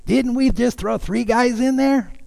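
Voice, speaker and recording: A man's voice: very high voice, unhurried, vocal fry, a little mellow, voice pushed up, full character voice. A man voicing a small cartoon gourd henchman with a gold tooth and a lazy, drawling voice, in a reverberant hall. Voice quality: drawling, nasal.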